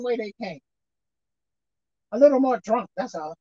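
A woman preaching a sermon in a casual, folksy way, swinging between shouted highs and low murmurs. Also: lively intonation, moderate pace, long pauses, no room sound. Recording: dull lo-fi recording.

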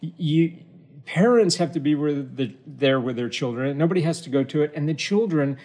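A man's voice: a little high, lively intonation, normal speed, dark tone. A man hosting a casual unscripted interview, playful and self-mocking, often breaking into laughter.

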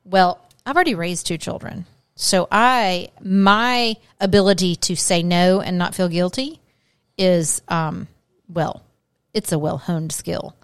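A woman's voice: on the low side, takes it slowly, clean tone, no echo. Middle-aged woman, wry teasing co-host, casual chat, dry close mic. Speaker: podcast co-host.

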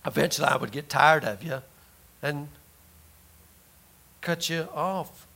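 Bright, high-voiced folksy preacher man. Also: takes it slowly, vocal fry, slightly rough. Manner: folksy storytelling, laughing, rising to loud emphasis. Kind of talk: sermon with personal story.

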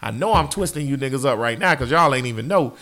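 A man hosting a podcast in casual chat, animated and profane. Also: mid-range voice, fast talker. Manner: animated, profane, laughs often. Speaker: podcast host.

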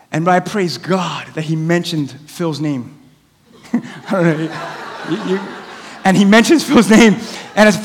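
In a church sanctuary with long hall reverb, a male pastor preaches a sermon in a high voice at normal speed. He tells stories animatedly, acting out the voices of the people in them.

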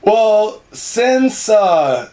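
A man's voice: high voice, sing-song, very slow, dark tone. A man co-hosting a podcast, chatting loosely and profanely, laughing often and acting out little bits. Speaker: podcast co-host. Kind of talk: casual chat.

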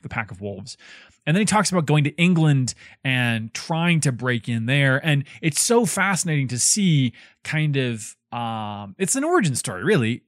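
A man's voice: medium pitch, no room sound, clean studio sound. A man co-hosting a podcast, chatting casually about a book in a rambling way with many fillers. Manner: animated, rambling with fillers and restarts. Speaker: podcast co-host reviewing a book. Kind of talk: casual chat.

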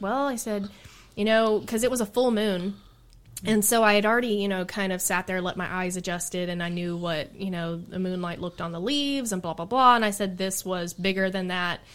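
A woman's voice: medium pitch, brisk, clean tone. Exasperated woman telling a field story. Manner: animated, exasperated, laughing storyteller. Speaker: Bigfoot researcher guest. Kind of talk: casual storytelling chat.

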